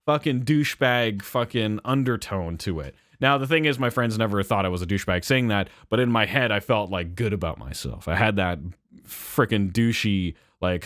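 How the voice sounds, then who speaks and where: A young man telling a story in a casual rant, rambling and animated, with swearing and frequent fillers and self-corrections. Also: lowish voice, normal speed, no echo, studio quality. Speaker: channel host.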